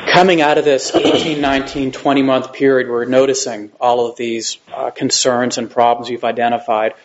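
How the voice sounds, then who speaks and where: A man interviewing, asking calm clarifying questions and summarizing what he hears. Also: mid-range voice, normal speed. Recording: dull lo-fi recording, faint hiss.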